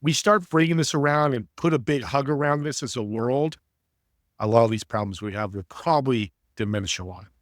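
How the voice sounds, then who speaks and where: Man, interview guest, motivational storyteller, earnest and preachy, mid pitch, dry sound. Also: brisk, no echo. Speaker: entrepreneur and networking coach, guest.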